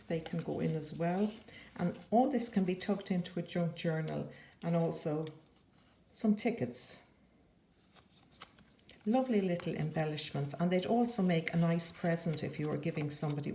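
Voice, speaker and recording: A woman's voice: low-pitched, moderate pace, vocal fry, dark tone, slight background noise. A woman casually showing paper crafts in a chatty, rambling way with playful asides. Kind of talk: casual show-and-tell flip-through. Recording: echoey room.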